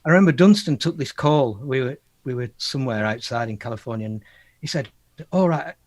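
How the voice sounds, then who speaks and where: A male musician guest tells anecdotes in an interview with real storyteller energy, voicing the quotes himself and laughing through them. His voice sits in the mid range and moves fast.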